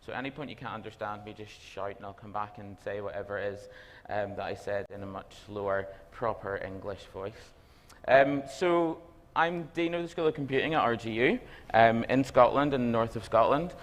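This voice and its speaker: A man with a Belfast accent giving a conference talk as a university dean, talking fast and quizzing the audience. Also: fairly low pitch. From Northern Ireland. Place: lecture hall. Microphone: stage microphone. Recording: reverberant hall.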